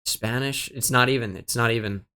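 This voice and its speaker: A young man commentating a game as he plays, his pitch sitting in an ordinary middle range. He mutters his guesses half to himself, swears often, and sounds exasperated and self-deprecating about his own mistakes. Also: normal speed, bright, forceful tone, clean tone. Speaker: gaming streamer.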